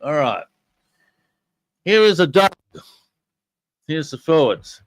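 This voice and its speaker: Here the older podcast host sounds very animated, his voice on the high side and his pace slow, with no echo. He addresses listeners directly, casual and eager, while presenting audio clips.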